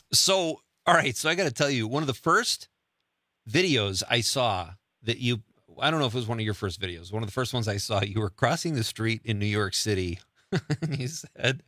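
Bright-voiced joking male host. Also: mid-range voice, no room sound, studio quality. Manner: jokey, laughing, enthusiastic. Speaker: podcast host. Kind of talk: casual interview chat.

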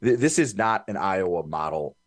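A man talking politics on a discussion show, animated and getting fired up as he argues his points. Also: sits low, normal speed, no room sound, clean studio sound. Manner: animated, building to fired-up emphasis. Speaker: political commentator. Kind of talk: political talk radio discussion.

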